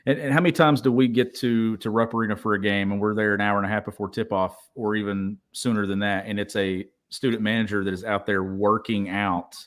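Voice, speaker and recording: A man with a low-pitched voice co-hosts a sports podcast in casual chat. He talks enthusiastically and restarts phrases as he builds his points. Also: steady tone, a little fast, hardly any pauses, a bit bright. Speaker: podcast co-host.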